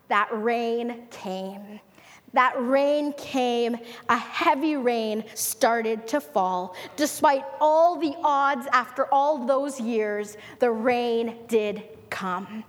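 A woman's voice: a little high, takes it slowly, in a large hall. A woman preaching a conversational sermon, asking the listeners questions, then leading a prayer.

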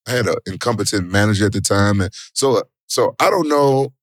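A middle-aged man, an interview guest, telling stories in casual, slangy talk with animated exclamations. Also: medium pitch, fast talker, hardly any pauses, no echo, studio quality. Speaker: interview guest, former fighter and actor.

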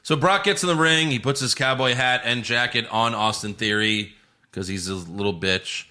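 A man hosting a casual podcast chat, recapping events, swearing freely and breaking into quick impressions. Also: medium pitch, sharp tone. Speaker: podcast host.

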